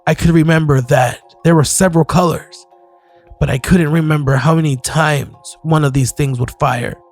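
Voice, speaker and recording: A man narrating a horror story in a measured, scripted storytelling manner. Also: fairly high pitch. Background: faint music.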